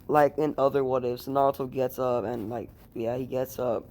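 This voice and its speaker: A man's voice: medium pitch, fairly even intonation, normal speed, darkish tone, slight background noise. A man casually retelling a fan story at home, rambling and swearing, with lots of fillers. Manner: rambling, profane, heavy with fillers. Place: room at home.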